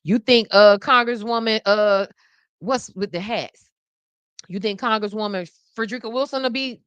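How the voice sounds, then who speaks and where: A woman's voice: mid-range voice, moderate pace, a bit bright, smooth, no room sound. A woman in her thirties hosting a live podcast, chatting casually and animatedly in slang and laughing often. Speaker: podcast host.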